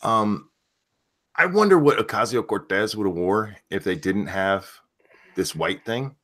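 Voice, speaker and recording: A man hosting a live stream chat, joking and irreverent with quick asides. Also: fairly low pitch, animated, fairly bright tone. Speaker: stream host.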